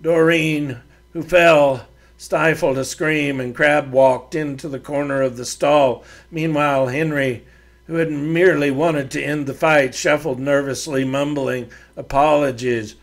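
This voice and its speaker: Slow gravelly male storyteller. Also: a little high, fairly even intonation. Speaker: podcast host and author reading his serial. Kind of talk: storybook narration.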